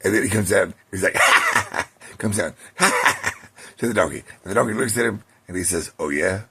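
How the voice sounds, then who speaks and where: Deep gravelly man rambling a story. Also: a bit bright. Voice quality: gravelly, husky. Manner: rambling, halting restarts, laughs at own punchlines.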